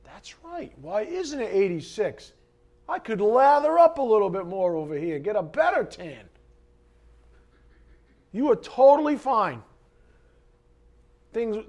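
This man preaches with a high-set voice, keeping the sermon animated and chatty. He kids around with the congregation and moves back and forth between booming emphasis and hushed side remarks.

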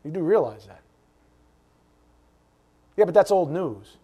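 A middle-aged man preaching a sermon, animated, asking rhetorical questions and dropping suddenly to a hush. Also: on the high side, measured pace, pauses often, breathy edge. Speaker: pastor.

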